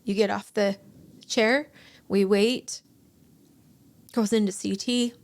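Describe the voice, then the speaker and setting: A woman in her forties, a podcast guest, telling an emotional personal story in a halting way, with restarts and acted-out quotes. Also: medium pitch, steady tone.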